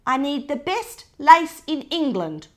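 A prim, stern old grandmother, as a woman reading aloud puts her on, bossy and sniffy about manners. She speaks slowly and pointedly, her pitch rising and falling sharply. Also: big pitch swings, a bit bright, exaggerated voice. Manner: disapproving, bossy.

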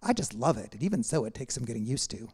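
A practical, kindly hostess, read aloud by a man. Her lines are brisk and matter-of-fact. The voice is warm and darkish. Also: medium pitch, very animated, breathy edge, exaggerated voice.

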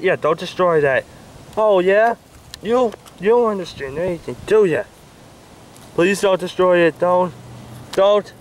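Man with a high, swooping voice doing a bickering homemade hand skit, loud background noise. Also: measured pace, pauses often. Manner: squabbling, whiny, bursts of shouting.

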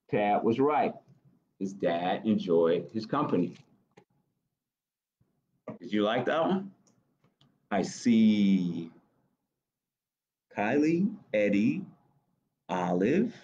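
A man's voice: lowish voice, highs cut off, a little hiss or hum. A man hosting a library storytime, reading picture books aloud to children and asking them questions. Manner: gentle, engaging, asks kids questions.

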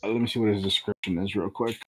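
A man running a tabletop game as game master, narrating in a halting way with fillers. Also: on the low side, steady tone.

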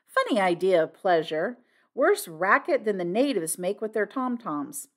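A woman doing a clipped, gruff army major. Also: mid-range voice, very animated, unhurried. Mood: matter-of-fact. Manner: clipped, terse speech with dropped words. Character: blunt, gruff middle-aged male army major.

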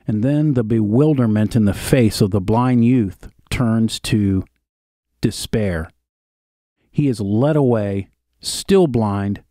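In a mid-range voice, a man narrates a video by reading an old written account, his steady delivery interrupted by casual spoken asides. It's studio quality audio with no echo.

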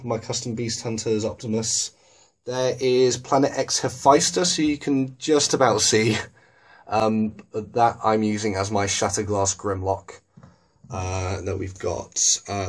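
A man's voice: medium pitch, darkish tone. A man casually narrating a tour of his collection, rambling and correcting himself with plenty of ums, filming on a handheld camera in a dim room at home. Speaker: toy collector vlogger. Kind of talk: casual show-and-tell narration.

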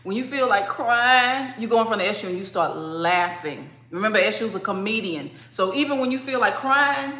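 A woman teaching a spiritual workshop in a lively way, acting out crying and laughing as she explains. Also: medium pitch, normal speed, few pauses, echoey room.

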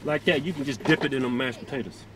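A man's voice: medium pitch, fast. A young man in his twenties co-hosting a comedy vlog while driving, grumbling and swearing. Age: 20s. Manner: grumbling, profane. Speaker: co-host, driver. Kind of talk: casual car vlog banter. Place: inside a car at a drive-through. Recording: car cabin with road noise.

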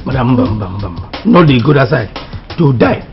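A man's voice: medium pitch, lively intonation, moderate pace, lightly acted. A man playing a fussing Nigerian houseboy. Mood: pleading. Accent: Nigerian Pidgin. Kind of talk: film drama acting. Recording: dull lo-fi film audio with music.

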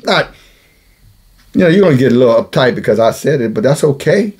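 A man's voice: mid-range voice, lively intonation, brisk, a little mellow, slightly rough. A man preaching a blunt, scolding sermon, calling himself a watchman and repeating phrases for emphasis. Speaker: self-styled watchman preacher. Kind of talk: rebuking sermon monologue.

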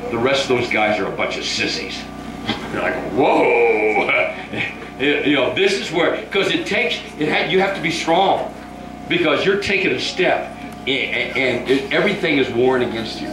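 An older man preaching at a revival, leading a crowd in shouted call-and-response prayer. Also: a little high, lively intonation, moderate pace, echoey room, background noise.

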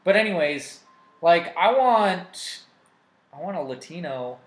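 A man's voice: fairly high pitch, expressive, slow pace, fairly bright tone. A man co-hosting a comic book show in casual chat, rambling and trailing off mid-sentence. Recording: roomy echoey room.

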